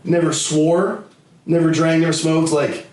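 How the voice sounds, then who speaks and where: A comedian and podcast host rambles through family stories, swearing freely and restarting his sentences. His voice sits a bit high for a man. The audio is roomy and distant, picked up by a camera across the room. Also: flat delivery, measured pace, darkish tone. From United States, Connecticut. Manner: loose, profane, rambling with restarts. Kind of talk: casual comedic storytelling.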